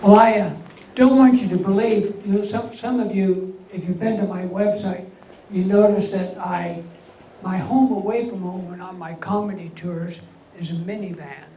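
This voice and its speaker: An older man with an unusually high voice doing a stand-up comedy set, delivering deadpan one-liners with pauses before each punchline. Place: veterans' hall event room. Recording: echoey hall, mic far off, faint hum.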